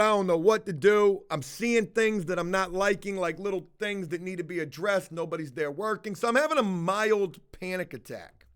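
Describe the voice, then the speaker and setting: A middle-aged man telling a rambling, profanity-laced story to his livestream viewers, stopping often to answer their comments. His voice sits high for a man. His delivery is loose and conversational. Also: normal speed, hardly any pauses, a bit bright, smooth. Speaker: house-flipping livestreamer. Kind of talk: casual livestream chat.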